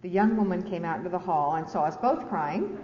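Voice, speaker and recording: A woman's voice: fairly low pitch, lively intonation, fairly quick, over a noisy crowd. A woman author reading from her memoir to an audience, with candid, self-deprecating asides and laughter. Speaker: author and speaker. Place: large lecture hall. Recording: echoey hall, dull lo-fi sound, faint hiss.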